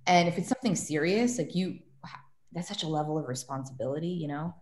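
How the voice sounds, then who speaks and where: A woman's voice: sits low, quick pace. A woman, a guest medium and tarot reader, chatting casually on a podcast and telling stories with acted-out quotes. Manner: animated storytelling, acts out quotes. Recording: echoey room.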